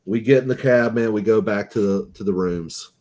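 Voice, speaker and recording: A podcast co-host tells a crude, joke-filled story packed with swearing, acting out the lines his friends said in a casual storytelling chat. His voice is fairly low and a bit mellow, at a moderate pace.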